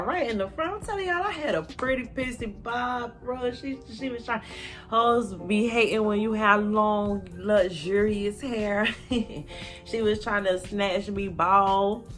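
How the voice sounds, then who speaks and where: Animated cussing woman telling a storytime. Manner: animated, cussing, talks straight to viewers as y'all; acts out quotes in high loud bursts. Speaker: storytelling vlogger. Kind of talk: casual storytime monologue.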